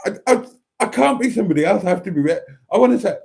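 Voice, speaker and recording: A man's voice: high voice, animated, rapid-fire, gravelly, a little mellow. A man with a Welsh accent hosting a casual live stream, chatty and self-mocking, laughing often.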